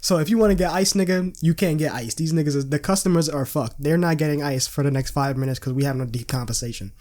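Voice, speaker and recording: A man's voice: fairly high pitch, quick pace, a little mellow. A young adult man telling a casual storytime with lots of slang and swearing, laughing as he goes. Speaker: vlogger.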